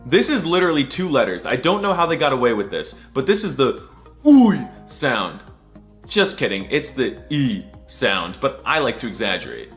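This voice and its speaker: A man's voice: mid-range voice, very animated, a little fast, hardly any pauses, fairly bright tone, faint music behind. A man giving a sarcastic, jokey mock alphabet lesson, drawing out each letter sound. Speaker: comedy video creator.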